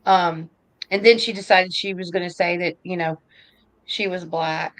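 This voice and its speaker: A woman's voice: on the low side, steady tone, moderate pace, poor audio. A woman co-hosting a casual political chat, blunt and opinionated, drawing out her phrases. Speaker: podcast co-host.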